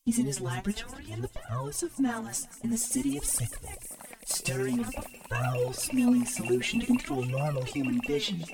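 A woman's voice: medium pitch, a little fast, a crowd in the background. An actress playing a woman eagerly telling a fairy-tale story. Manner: animated storyteller.

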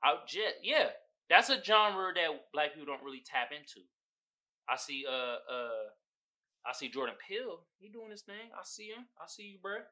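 A man hosting his own podcast, talking casually and profanely, often breaking into loud laughing outbursts. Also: on the high side, sing-song, normal speed. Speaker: podcast host. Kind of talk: casual solo podcast talk.

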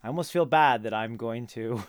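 A man co-hosting a podcast in casual comedic chat, riffing with animated, mock-outraged rants into a close mic. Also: medium pitch, normal speed, no echo. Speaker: podcast co-host.

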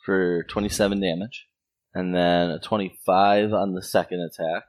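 A man playing a tabletop role-playing game, calmly explaining his rolls and character. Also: low-pitched, normal speed. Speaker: player. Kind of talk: casual tabletop game chat.

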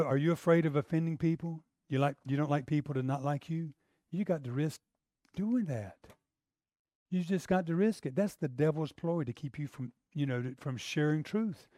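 Emphatic pastor preaching. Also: male voice, a little high, warm tone, dry recording. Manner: conversational preaching, rising to emphatic outbursts. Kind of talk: sermon.

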